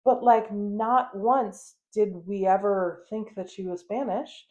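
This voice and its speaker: A woman's voice: medium pitch, slow pace, warm tone, muffled recording. A young adult woman from the United States hosting a podcast, chatting frankly with lots of fillers and the odd swear. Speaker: podcast host. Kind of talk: casual chat.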